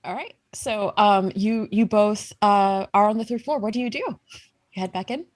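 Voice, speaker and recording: A woman's voice: medium pitch, moderate pace, no room sound. A woman running a tabletop game, narrating with fillers and frequent laughs. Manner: hesitant, giggly, many fillers. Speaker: game master.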